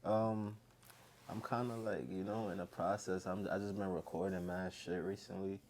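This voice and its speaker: A man's voice: deep voice, fairly even intonation, normal speed, a little mellow. A man from Haiti, a music artist talking as a guest in a loose, laid-back way. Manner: laid-back, loose, says "you feel me" a lot. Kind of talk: casual interview chat.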